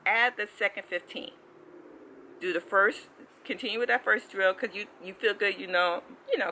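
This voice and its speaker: A language-learning vlogger giving a casual explanation, animated and full of restarts, who keeps asking the audience "okay?". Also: medium pitch, normal speed, a little hiss or hum, low-quality recording. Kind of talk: casual explanatory vlog talk.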